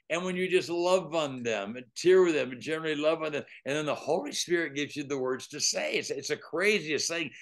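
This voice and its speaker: An older man, a guest evangelist, telling animated faith stories and laughing often as he talks. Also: on the high side. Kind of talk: storytelling testimony.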